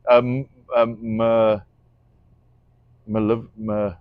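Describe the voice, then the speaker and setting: A man's voice: fairly low pitch, flat delivery, extremely slow, clear, resonant tone, dry recording, phone-quality sound. A man who is not a native English speaker, co-hosting a casual livestream, talking bluntly and swearing freely. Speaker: co-host.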